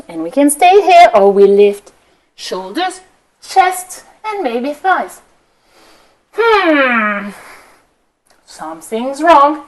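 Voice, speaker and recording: A woman telling a story as a kids' yoga class, high-pitched and very lively in her intonation. She talks slowly and playfully, guiding the poses. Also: low-quality recording. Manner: playful, expressive, sing-song. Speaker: kids yoga teacher.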